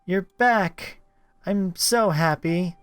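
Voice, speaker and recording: A man voicing an adoring young woman in a game, speaking in a raised, soft voice. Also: high voice, drawn-out words, smooth, dry recording, faint music behind, voice pushed up, heavily acted. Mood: tearful relief.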